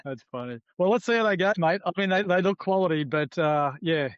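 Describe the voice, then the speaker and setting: A quick-talking Australian man with a slightly high voice, ribbing his co-host through a loose podcast chat. The audio is a touch muffled and dry. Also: animated, no echo. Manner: fast, teasing, chatty. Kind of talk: casual chat.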